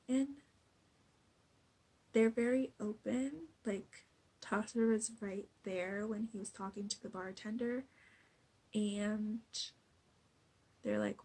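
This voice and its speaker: A young woman with a lilt chats her way through a TV recap, gushing and pitching up high whenever she acts out what people said. Her voice sits slightly high but comes out husky and gravelly with fry. She takes her time, talking at an unhurried pace. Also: darkish tone, poor audio. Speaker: recap vlogger. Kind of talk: casual TV recap chat.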